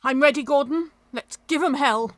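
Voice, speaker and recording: A woman reading the part of a grand, domineering leading lady with a booming, dramatic delivery in an amateur play reading. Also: moderate pace, close to an everyday voice. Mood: imperious.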